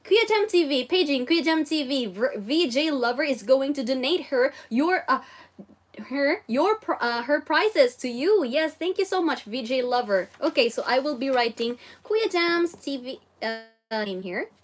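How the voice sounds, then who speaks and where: Bubbly high-voiced Filipino woman. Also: animated, measured pace. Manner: bubbly, exclaims and giggles often, code-switches. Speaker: livestream host teaching Japanese. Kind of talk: casual livestream lesson, reading viewer comments.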